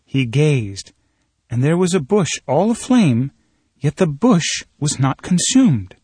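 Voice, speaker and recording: A man reading a scripture passage aloud in a steady, measured storytelling voice. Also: on the high side, breathy edge, dry recording.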